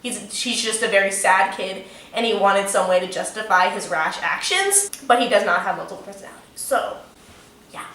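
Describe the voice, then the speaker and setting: Bright-voiced young woman telling a story. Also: medium pitch, fairly quick. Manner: animated, swears freely, lots of "like". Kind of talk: casual storytime. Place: room in front of a window. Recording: echoey room, mic a bit distant.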